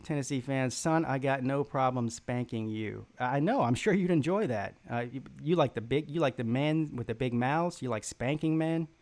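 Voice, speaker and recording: Southern US male stream host, rambling mocking trash talk, lots of uhs, a rough fry in the voice. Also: mid-range voice, a little mellow. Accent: Southern American. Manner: rambling, halting, with many fillers and restarts. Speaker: sports live-stream host. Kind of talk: live-stream chat reading viewer comments.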